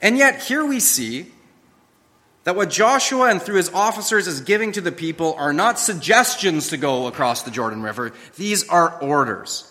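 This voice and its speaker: A man preaching a sermon in a slightly high, bright and forceful voice, pressing his points with rising and falling emphasis. His voice carries a long reverb from a church hall. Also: expressive, moderate pace. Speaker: pastor.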